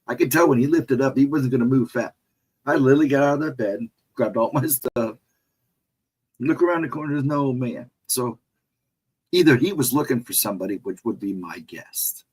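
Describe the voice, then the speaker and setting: A man with a husky, slightly rough voice tells a ghost story in casual, rambling fashion. His pitch sits in the ordinary middle range. He acts out the lines of the people in his story. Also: brisk. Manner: rambling, animated, laughs often, mimics voices in dialogue. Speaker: guest telling a ghost story.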